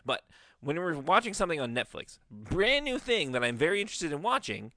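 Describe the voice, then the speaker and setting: A man's voice: a little high, big pitch swings, fairly quick, sharp tone, no room sound, studio quality. A man ranting in casual podcast chat, swearing freely and mocking people in put-on voices.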